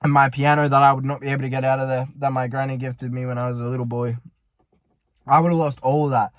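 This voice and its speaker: Speaking fast at a medium pitch with little rise and fall, a young man tells the camera a story from his parked car. He's panicky and rambling, with plenty of swearing, in a dry recording.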